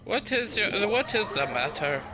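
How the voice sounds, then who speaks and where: Joking man gaming with a friend, slow and animated, noise audible behind him. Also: high-pitched, dull audio, music in the background. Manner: joking, teasing. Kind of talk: casual chat while gaming.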